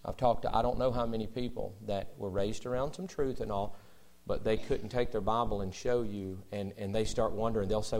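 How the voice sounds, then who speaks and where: A man's voice: on the low side, steady tone, fairly quick, darkish tone. A young adult man, a pastor preaching a sermon in a conversational way that rises into emphatic bursts.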